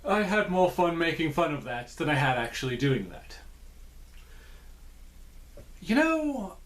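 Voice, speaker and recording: A man reviewing cereal in a casual vlog from a small indoor room, with playful, jokey asides. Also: a little high.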